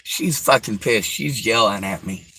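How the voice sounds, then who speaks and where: Bright-voiced man swearing through a rambling story. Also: on the low side, measured pace, a little hiss or hum, rough recording. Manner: profane, rambling, repeats himself. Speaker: vlogger telling a personal story. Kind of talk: casual spoken storytelling to camera.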